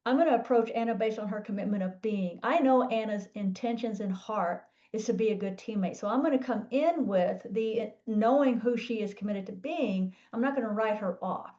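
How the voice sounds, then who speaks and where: A woman's voice: medium pitch, normal speed, few pauses, warm tone, distant mic, lo-fi sound. A woman speaking as a guest coach in a panel discussion, earnest and explanatory.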